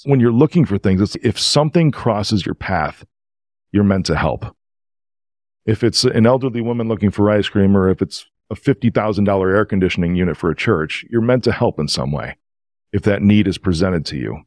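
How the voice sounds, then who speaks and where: Guy with a lowish voice, podcast guest, animated and emotional, dry close sound. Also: brisk, dry recording. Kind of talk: casual storytelling.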